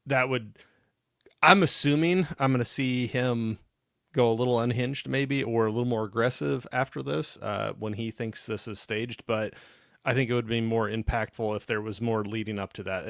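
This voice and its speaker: A man's voice: medium pitch, steady tone, moderate pace, vocal fry, fairly bright tone, dry recording, studio quality. A man co-hosting a casual live discussion, thinking aloud and hesitant, asking questions. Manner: thoughtful, hesitant, asks questions. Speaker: podcast co-host.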